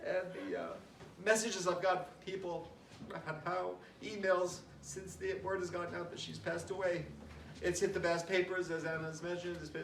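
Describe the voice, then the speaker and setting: A middle-aged man, a little higher-voiced than most, gives a toast at his mother's memorial and tells funny stories about her. He talks chattily and mocks himself, laughs through the stories and sometimes catches his breath with emotion. He stands well away from the mic, in a room full of echo, and a steady background noise hums behind him. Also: creaky, far from the mic. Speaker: son giving a memorial toast.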